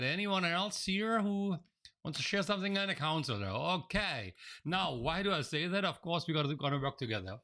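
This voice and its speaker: A man runs a live coaching webinar over a video-call mic, greeting attendees and reading their names from the chat. His voice sits a bit high for a man and sounds bright and forceful. He often doubles back on words and restarts his sentences as he talks. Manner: addresses viewers directly, reads out names from the chat. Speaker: NLP trainer running a live online session. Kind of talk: interactive live webinar teaching. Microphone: video call microphone.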